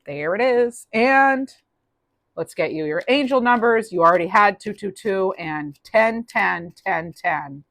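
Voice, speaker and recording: A woman's voice: mid-range voice, lively intonation, measured pace, fairly bright tone, dry recording. A woman giving a casual, upbeat tarot reading, chatty with many restarts. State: clearing throat, losing voice. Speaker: tarot reader.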